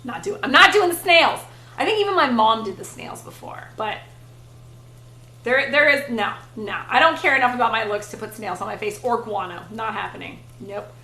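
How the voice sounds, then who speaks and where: A young woman with a high, bright voice chats bluntly while she cooks on her livestream, swearing now and then. The kitchen sounds echoey, with faint sizzling behind her. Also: animated, normal speed. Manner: chatty, blunt, swears casually. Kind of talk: casual chat while cooking on stream. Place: home kitchen.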